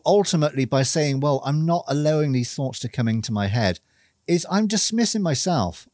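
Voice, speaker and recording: A man speaking a personal, reflective monologue to camera, earnest and measured, stressing key words through repetition. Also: mid-range voice, darkish tone, dry recording, clean studio sound.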